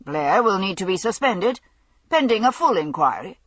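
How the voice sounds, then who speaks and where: A woman's voice: medium pitch, big pitch swings, moderate pace, no room sound. A woman voicing a stern, curt senior police superintendent, a man.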